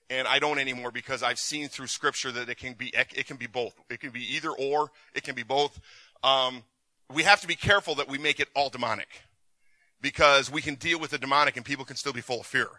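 Bright-voiced man preaching casually. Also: medium pitch, dry recording. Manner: conversational, with repeated restarts and acted quotes. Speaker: pastor. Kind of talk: sermon with Q and A. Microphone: recorded for the session.

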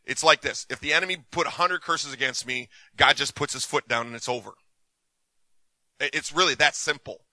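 Male preacher, storytelling sermon, very bright voice, dry and close. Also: fairly high pitch, a little fast, dry recording, rough recording. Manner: conversational, repeats words, acts out dialogue.

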